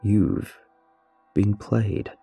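A man's voice: on the low side, steady tone, very slow, gravelly, warm tone, husky, faint music behind, exaggerated voice. A man putting on a gloating masked ringleader, muffled and sneering. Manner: gloating, taunting, muffled behind a mask. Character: cackling sadistic masked man, ringleader of a cruel game.

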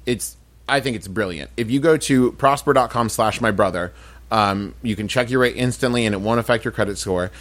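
A man with a fairly low voice explains a sponsor casually on a comedy podcast. He restarts his sentences and lets the pitch ramble without any polish. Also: a little fast, a bit bright. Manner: explains things loosely, with restarts. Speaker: podcast co-host.

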